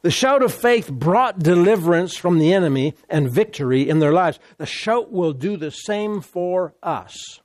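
A man preaching a sermon with call-and-response, animated and repeating words for emphasis. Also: high-pitched, measured pace, hardly any pauses.

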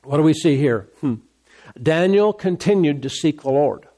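A man preaches a sermon in a slightly higher-than-usual voice. He reads a scripture story and stops now and then for casual, plain-spoken asides. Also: lively intonation, normal speed, warm tone. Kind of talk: sermon, reading scripture and commenting.

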